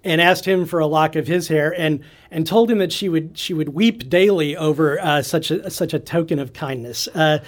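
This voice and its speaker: Eager, slightly high-voiced man guest. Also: normal speed, hardly any pauses. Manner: enthusiastic storyteller with frequent uh fillers and restarts. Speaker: history professor, interview guest. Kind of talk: radio interview.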